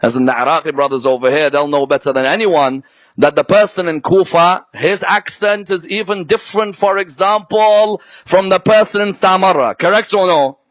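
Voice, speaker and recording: A man's voice: high voice, moderate pace, a bit bright, no echo. A man giving a live religious history lecture who keeps checking in with his listeners through rhetorical questions. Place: lecture before a live audience.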